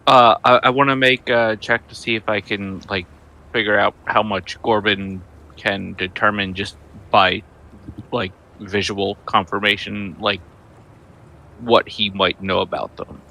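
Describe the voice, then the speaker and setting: A man's voice: fairly low pitch, fairly even intonation, unhurried, sharp tone, rough recording. A man playing a tabletop game, describing his character's actions in a rambling, hesitant way. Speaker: player.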